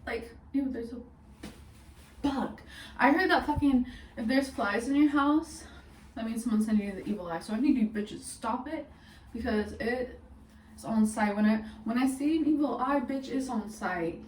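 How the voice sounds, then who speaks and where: Young woman vlogging a storytime, swears a ton, kinda high voice, faint hiss in the back. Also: normal speed, darkish tone, far from the mic. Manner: chatty, swears often, laughs through the story. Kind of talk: casual storytime vlog. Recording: echoey room, mic set back, faint hiss.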